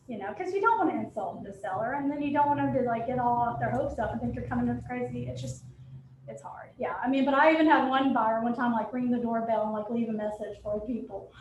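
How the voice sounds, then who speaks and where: Candid, chatty realtor woman with a bright high voice, recorded in an echoey room. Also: fast, slight background noise. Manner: chatty, candid, quotes people in lively asides. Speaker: real estate agent. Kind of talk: casual panel talk.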